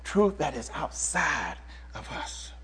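A man preaching a sermon to his church, animated, stopping the reader to repeat and stress phrases. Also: on the high side, slow, gravelly, slight background noise, low-quality recording.

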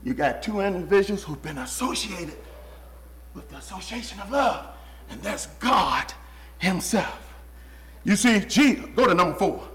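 A man preaching with a very high, bright, lively voice. He swings between hushed whispers and full shouts. The sound is roomy and echoey, with a faint hum behind him. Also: unhurried. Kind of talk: sermon.

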